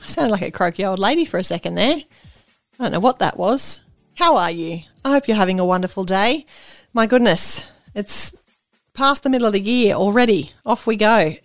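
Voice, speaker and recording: A woman's voice: medium pitch, animated, moderate pace, no echo, studio quality, faint music behind. Chatty woman podcast host. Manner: chatty and enthusiastic, warm gushing asides. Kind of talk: solo podcast monologue.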